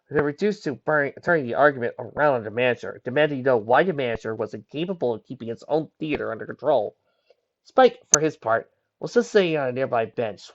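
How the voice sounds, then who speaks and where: This fanfiction reader narrates a pony fan story like a storybook, voicing the characters one after another. His voice sits in the mid range, and the recording is muffled.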